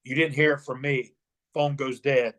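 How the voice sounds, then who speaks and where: This middle-aged man has a medium-pitched voice and a normal speaking speed. A former wrestler, he tells stories in an interview, animatedly performing the quotes of the people in them.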